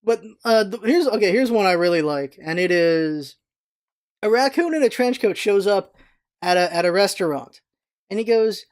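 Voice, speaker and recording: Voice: animated, moderate pace, darkish tone. A vlogger in their thirties talking casually and at length, meandering from one thought to the next with frequent restarts. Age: 30s. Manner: chatty and meandering, with frequent restarts and jumps in pitch. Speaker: vlog host. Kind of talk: casual rambling vlog talk.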